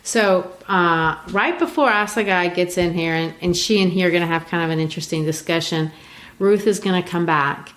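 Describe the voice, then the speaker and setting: A woman's voice: lowish voice, normal speed, a bit bright. A woman from Brazil hosting a podcast, explaining a play in a chatty, casual way with frequent restarts. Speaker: podcast host. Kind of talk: casual literature discussion.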